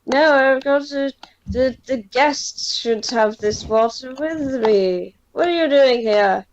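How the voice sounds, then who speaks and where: A woman doing a high, drunk, rambling sailor. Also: a little hiss or hum. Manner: slurred, rambling, drawn-out. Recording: dull lo-fi sound.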